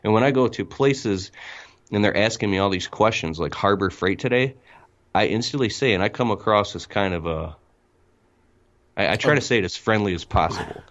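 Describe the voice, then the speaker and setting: Man, podcast guest, excitable and rambling, low voice, muffled lo-fi sound. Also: moderate pace. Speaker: guest, window cleaning business owner. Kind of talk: casual podcast conversation.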